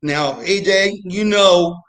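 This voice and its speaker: A man's voice: high voice, slow. A young man telling a true story on a live show, casual and laughing through it. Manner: laughs through his story, animated asides. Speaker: guest storyteller.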